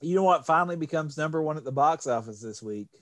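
A man's voice: on the high side, animated, fast. A man hosting a casual podcast, reading out box office figures in a jokey way. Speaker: podcast host. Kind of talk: casual chat.

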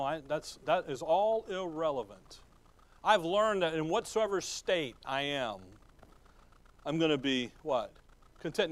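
A man's voice: fairly high pitch, no room sound. A man preaching a folksy sermon, asking the congregation questions and chuckling as he goes. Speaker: pastor.

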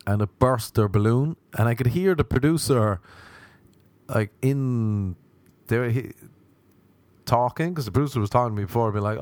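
A man telling a comic story in a casual way, often switching into high-pitched voices when he quotes other people. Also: normal speed, darkish tone, no room sound.

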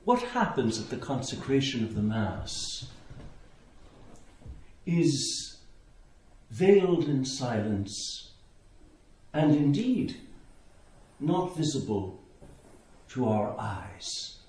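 Brief: unhurried male priest preaching, recorded in an echoing church. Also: mid-range voice, sing-song, a little mellow. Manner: slow, contemplative, with long pauses. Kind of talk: sermon. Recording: echoey church interior.

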